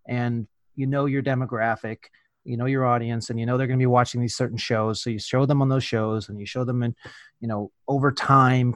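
Man, podcast host, casual chat, rambling and joking, medium pitch, dry close sound. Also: no room sound. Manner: joking, rambling, asks questions.

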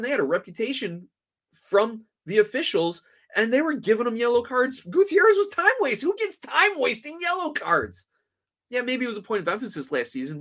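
Sarcastic guy hosting a podcast, fed up and ranting, voice kinda high and swinging all over. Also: a bit bright. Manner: frustrated, sarcastic and emphatic. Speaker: podcast host. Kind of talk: sports podcast rant.

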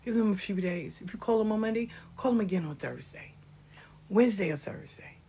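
A mellow, breathy, mid-range voice comes through brisk and animated. This older woman, who has nine grandchildren, passionately and casually recounts life lessons in a monologue, often lowering her voice to a whisper.

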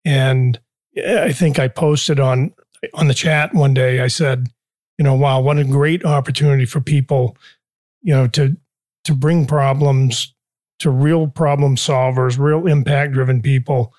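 An older man, a business owner guest in a casual interview, speaks haltingly with dry self-deprecating humor. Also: mid-range voice, steady tone, a little mellow, dry recording.

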